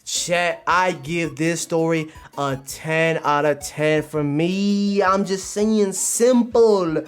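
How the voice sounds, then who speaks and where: A man streaming live, telling stories in an animated, slang-filled way with big swings in pitch and loudness. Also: takes it slowly, clear, resonant tone. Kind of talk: casual live-stream commentary.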